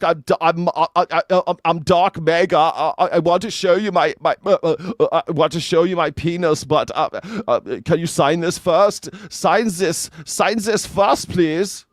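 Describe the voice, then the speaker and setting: A man putting on a stammering impression of an awkward rich man, stuck on halting fillers. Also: a little high, dry recording, clean studio sound, voice pushed up, lightly acted. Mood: pleading.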